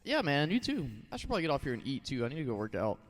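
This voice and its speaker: A man's voice: a little high, huge pitch swings, racing, big-room sound. A man in his thirties chatting casually and rambling on a live stream, thanking his viewers and often saying "like" and "you know.". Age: 30s.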